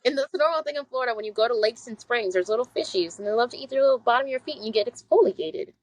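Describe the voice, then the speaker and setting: A woman's voice: on the high side, animated, racing, no room sound, poor audio. A woman cohosting a podcast, chatting casually and rambling with lots of filler words. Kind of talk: casual chat.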